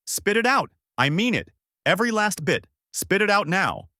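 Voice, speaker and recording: A man voicing a laid-back adult pirate captain who talks casually and breaks into shouting. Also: mid-range voice, very animated, normal speed, no room sound, studio quality. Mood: frantic yelling.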